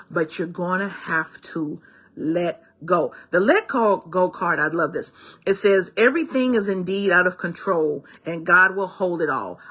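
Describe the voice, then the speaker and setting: A woman's voice: medium pitch, bright, forceful tone. A woman giving a heartfelt spiritual card reading, talking directly to her listeners with exclamations and tender asides. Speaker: spiritual guide.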